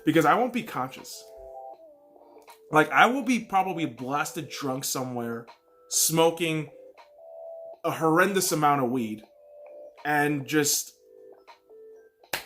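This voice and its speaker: Excitable, foul-mouthed man talking football. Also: on the high side, slow, long pauses, faint music behind. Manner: excitable, profane, swings between loud outbursts and mumbles. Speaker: podcast host. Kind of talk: casual solo football chat.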